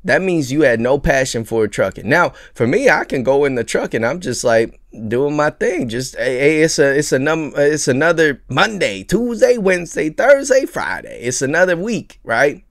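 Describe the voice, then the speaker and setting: Man, New York accent, trucker vlog, lively swooping pitch, dry close sound. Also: normal speed, few pauses, no room sound. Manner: animated, stammering restarts, mocking put-on voices. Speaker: trucker vlogger. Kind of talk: casual vlog rant. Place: truck cab.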